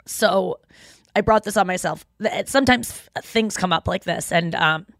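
A woman's voice: mid-range voice, normal speed, no room sound, clean studio sound. A young woman hosting a podcast, talking in a rambling, tearful, apologetic way while crying. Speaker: podcast host. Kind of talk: emotional personal monologue. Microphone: studio microphone.

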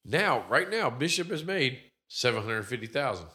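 A man's voice: medium pitch, sing-song, normal speed, pushed and bright. A man in casual, profane chat, animatedly retelling a movie's plot with a co-host.

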